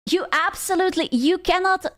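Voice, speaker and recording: A woman's voice: very high-pitched, a little fast, a bit bright. A young woman streaming, giving blunt, sarcastic and profane reaction commentary on a clip.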